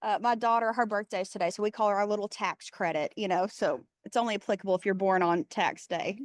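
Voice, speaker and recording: A woman's voice: mid-range voice, steady tone, quick pace, dry recording, studio quality. A woman with a Texas accent hosting an online session by video call, chatty and greeting attendees by name. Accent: Texan. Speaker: webinar host. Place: airport.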